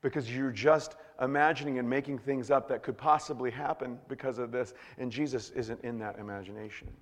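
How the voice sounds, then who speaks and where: A male pastor preaching a sermon, swinging from hushed, slow words to shouted bursts. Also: mid-range voice, steady tone, long reverb tail.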